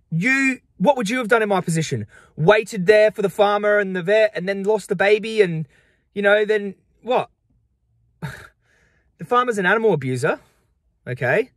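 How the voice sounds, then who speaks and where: Upset young man, high agitated voice. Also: normal speed, fairly bright tone, no room sound, studio quality. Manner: agitated, emphatic, repeating himself in bursts. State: upset and frustrated. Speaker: vlogger. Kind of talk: defensive monologue to camera.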